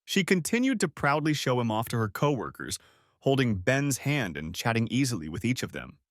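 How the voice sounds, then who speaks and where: A man narrates a story audiobook with a lively, expressive delivery. His voice sits at a middle pitch and moves up and down a lot. The recording is close and dry. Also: fairly quick, dry recording.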